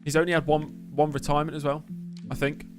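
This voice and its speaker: A man's voice: a little high, flat delivery, fast, music in the background. Chatty man streaming a racing game. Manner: chatty, joking, answers chat messages. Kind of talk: live gameplay commentary.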